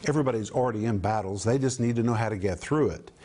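A man's voice: lowish voice, rapid-fire, mellow. An older man hosting a televised Bible teaching, speaking in an earnest, emphatic way as he urges viewers to respond.

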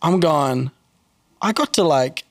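Speaking slowly in a slightly high voice, a man appears as a podcast guest for casual faith talk. He's animated, telling stories and voicing the people in them loudly. The recording is dry and studio quality.

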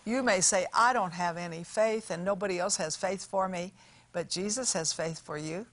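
An older woman preaching a television sermon, telling a family story and quoting scripture with earnest, animated emphasis. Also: fairly low pitch, normal speed, dry recording. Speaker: TV minister.

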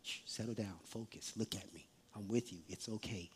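A preacher voicing Jesus as a gentle comforter, speaking softly, hushing and reassuring. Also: medium pitch, pitched below the performer's own voice, natural voice. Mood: soothing, hushed. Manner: soft hushing, slow and soothing.

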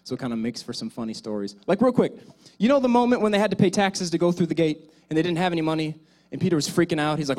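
A male pastor preaches a sermon straight to his congregation, swinging between loud exhortation and quiet asides. His voice is a little high, animated, and fast.

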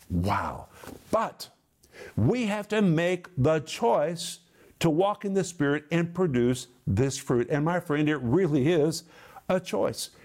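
A man teaching from the Bible, preaching emphatically and alternating quick bursts with slow, drawn-out stresses. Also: fairly high pitch, darkish tone.

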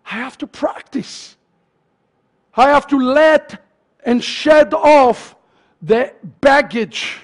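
A male pastor preaching a sermon to his congregation, swinging from loud fervent shouts to hushed, near-murmured lines. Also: extremely high pitch, drawn-out words, long pauses. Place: congregation's sanctuary.

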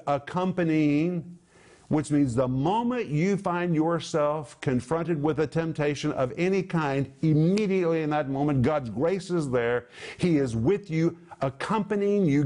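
An emphatic man preaching on a Bible verse, with a fairly high voice for a man. He breaks words down slowly and leans hard on key phrases, and his delivery rises and falls for emphasis. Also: darkish tone. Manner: emphatic, explains Greek words slowly, rising and falling for stress. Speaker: Bible teacher. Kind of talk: televised sermon.

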